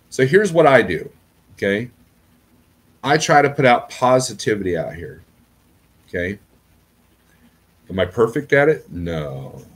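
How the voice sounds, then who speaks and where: A man's voice: medium pitch, husky. A middle-aged man, a trucker, talking in a rambling casual vlog and often checking in with "okay?". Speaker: trucker YouTuber.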